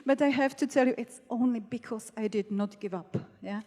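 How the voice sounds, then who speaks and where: On stage at a business event in a large, reverberant hall, a woman panelist tells her story of going from doctor to network marketer. Her fairly high, slightly mellow voice runs at normal speed with hardly any pauses, and she laughs often, grows emotional, and speaks candidly over a faint crowd.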